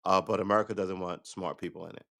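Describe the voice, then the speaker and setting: A man's voice: sits low, fairly even intonation, fast talker, creaky, bright, forceful tone. Rambling man chatting on a livestream. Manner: loose, rambling, swears, laughs often. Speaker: livestream host. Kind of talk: casual rambling chat to viewers.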